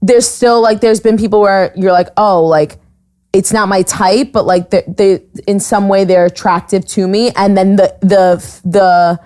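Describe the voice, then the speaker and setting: A woman's voice: mid-range voice, level tone, normal speed, few pauses, warm tone, smooth. A young woman hosting a podcast, chatting casually and bluntly, laughing often and acting out quoted exchanges. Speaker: podcast host. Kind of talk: casual chat.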